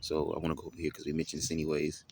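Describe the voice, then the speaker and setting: A man teaching scripture, reading verses slowly and adding quick asides with repeated check-ins to listeners. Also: rumbling low, monotone, gravelly, slight background noise. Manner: reads verses slowly, drops into quiet asides, tags lines with "all right?". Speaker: bible teacher. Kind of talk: scripture lesson.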